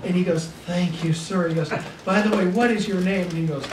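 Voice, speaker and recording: A man's voice: high-pitched, steady tone, a little fast, hardly any pauses, over a noisy crowd. A middle-aged man and pastor telling homespun stories at a seminar, often chuckling as he goes. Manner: folksy, chuckling storyteller. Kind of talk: storytelling seminar talk. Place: seminar room. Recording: echoey room from a distance, noisy.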